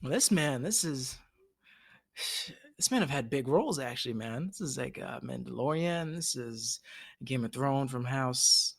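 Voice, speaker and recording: Excitable male podcast co-host, loose and profane, mid pitch, jumps into voicing scenes. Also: measured pace, vocal fry. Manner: excitable, acts out scenes in a raised voice, swears, laughs. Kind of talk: casual chat.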